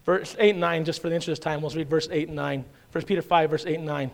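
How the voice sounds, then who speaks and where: A man with a notably high-pitched voice delivers a sermon as a pastor. He talks to the congregation in a casual, back-and-forth way, stacking "right?" and "okay?" and doubling up words as he presses his point. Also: fairly even intonation, quick pace, creaky. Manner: conversational preaching with frequent "right?" and "okay?" check-ins; repeats and restarts words when emphasizing.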